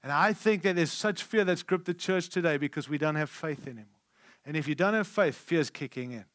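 High-voiced emphatic male preacher. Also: fairly quick, no echo, studio quality. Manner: emphatic, shifting between loud and hushed; candid and conversational. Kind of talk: conference sermon.

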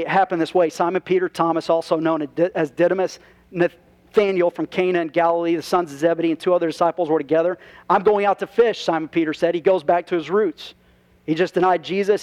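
A man's voice: high voice, a little mellow. A man preaching a sermon to his congregation as pastor, conversational, with rhetorical questions and asides. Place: church.

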